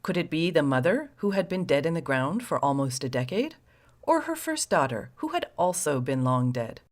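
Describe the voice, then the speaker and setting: A woman's voice: deep voice, sing-song, normal speed. A woman host narrating a scripted story with sardonic, wry asides to the listener.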